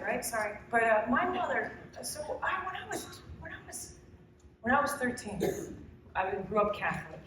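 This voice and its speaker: A middle-aged woman, a painter, talking earnestly and emotionally to a live audience, halting and restarting her sentences. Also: mid-range voice, fairly bright tone, slight background noise. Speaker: painter giving a demo talk. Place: large echoey hall, live audience. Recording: echoey distant hall recording.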